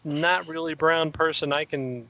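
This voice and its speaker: A man co-hosting a casual podcast over a video call, joking in a dry, deadpan way. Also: fairly high pitch, measured pace, highs cut off. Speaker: podcast co-host. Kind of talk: casual chat.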